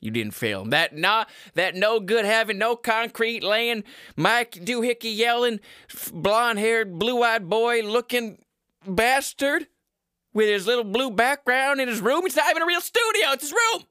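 A man voicing a gruff, old-fashioned middle-aged father who scolds in a low folksy drawl. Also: animated, slow pace, long pauses, sharp tone, dry recording, clean studio sound. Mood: ranting.

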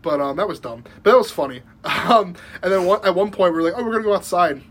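A man's voice: high-pitched, fast talker, breathy edge. A young man telling a rambling story in casual podcast chat, full of likes and restarts and laughing as he goes. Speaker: podcast guest.

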